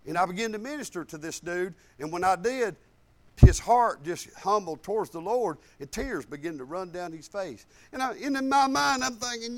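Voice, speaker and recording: Preacher, man in his fifties: high, swooping voice, folksy storyteller. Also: normal speed. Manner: folksy, animated storytelling with colloquial grammar. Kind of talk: sermon.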